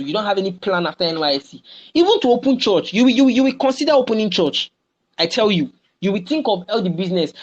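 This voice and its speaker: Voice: mid-range voice, highs cut off. A young adult with a Nigerian accent giving a motivational webinar talk, repeating phrases and often checking in with the listeners. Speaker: webinar speaker.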